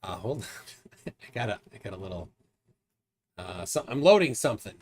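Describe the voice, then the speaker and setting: A man's voice: lowish voice, expressive, moderate pace, a little mellow. A man hosting a casual livestream chat, teasing his guests and laughing often. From United States. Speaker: livestream host.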